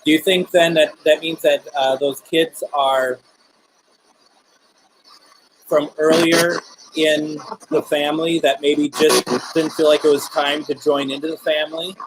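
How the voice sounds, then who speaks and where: A man hosting a live spirit box stream, talking gently with viewers and politely calling on spirits. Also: on the high side, little pitch movement, measured pace, rough recording.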